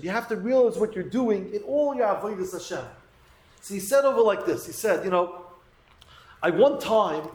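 A man's voice: high voice, echoey room, low-quality recording. A man giving a Torah lesson, earnestly telling a story and weaving Hebrew terms into his talk. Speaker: Torah teacher.

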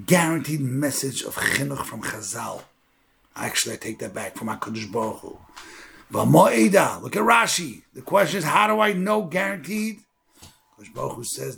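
A man giving a sermon, mixing Hebrew terms into English and building to loud, fervent stretches. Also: creaky. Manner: builds to loud, high-pitched fervor; uses Hebrew and Yiddish terms. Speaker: rabbi.

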